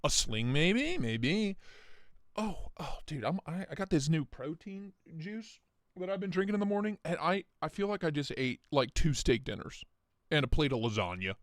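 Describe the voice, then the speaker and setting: A man's voice: fairly high pitch, very animated, normal speed, no room sound, clean studio sound. A man hosting a casual livestream, joking and rambling as he greets viewers by name. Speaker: livestream host.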